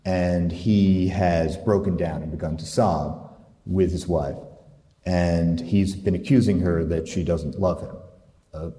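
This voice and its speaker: Male novelist, low mellow voice, hesitant, distant in a reverberant hall. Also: slight background noise. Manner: thoughtful, hesitant with pauses. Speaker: author being interviewed. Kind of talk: reading aloud and interview talk. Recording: echoey hall, voice from far off.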